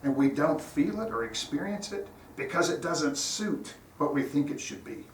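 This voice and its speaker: In a church sanctuary, a guest speaker tells stories through an informal, earnest, conversational sermon. He sounds animated, with a high-side voice and a moderate pace. The sound is roomy and distant, with a little faint noise.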